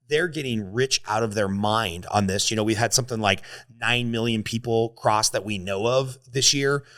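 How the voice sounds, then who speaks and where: A man's voice: lowish voice, fairly bright tone, no echo. A man hosting a podcast, telling a story with strong feeling and swearing as he talks. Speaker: podcast host. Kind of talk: casual podcast conversation.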